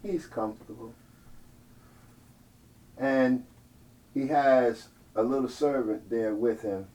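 A male preacher telling a story in a sermon, animated and playful, calling out to the congregation and building to loud peaks. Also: mid-range voice, slow. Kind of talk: storytelling sermon with call-and-response. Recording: distant mic, faint ambient noise.

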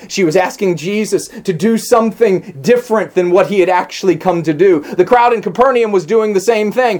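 A preacher delivering a sermon, building through strings of rhetorical questions and slowing down hard on key phrases. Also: medium pitch. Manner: swings between soft hushed lines and raised emphatic ones; slows down sharply on key phrases.

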